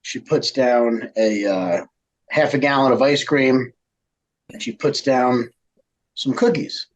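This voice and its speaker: A man's voice: medium pitch, takes it slowly, muffled recording. A man on a casual podcast, rambling through a joke and teasing the host. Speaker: podcast guest.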